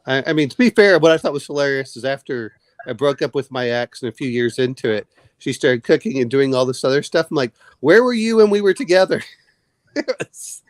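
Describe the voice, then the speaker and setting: A man's voice: mid-range voice, brisk, dry recording. A man in a casual late-night chat who tells long rambling stories and repeats his words as he goes. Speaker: podcast co-host.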